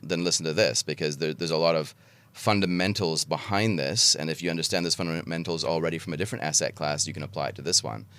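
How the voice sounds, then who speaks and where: A man's voice: extremely low pitch, fairly even intonation, quick pace, few pauses, fairly bright tone. A man hosting a podcast interview in a casual, jokey way, laughing often. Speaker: podcast host.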